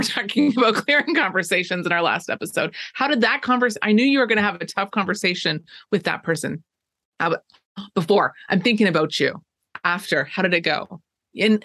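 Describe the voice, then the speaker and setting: A woman's voice: mid-range voice, fairly bright tone, dry recording. A woman co-hosting a podcast and coaching clients, chatting casually, laughing often and quoting what she tells people. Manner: upbeat, laughs often, quotes herself. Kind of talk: casual chat.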